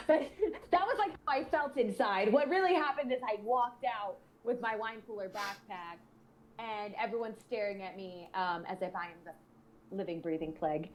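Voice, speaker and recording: A young adult woman co-hosting a podcast, telling a story in a casual, animated, profane way and acting out what people said. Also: mid-range voice, moderate pace. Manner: animated, profane, acts out quoted voices. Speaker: podcast co-host.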